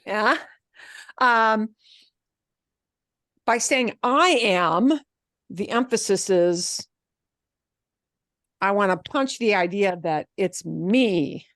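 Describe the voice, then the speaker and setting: A woman leads a Spanish lesson, punching key words and repeating example phrases. Her voice sits at a middle pitch and sounds dry and close to the mic. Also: extremely slow, long pauses, no room sound. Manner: animated, emphatic, switches between English and Spanish examples. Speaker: Spanish teacher. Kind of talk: online class instruction.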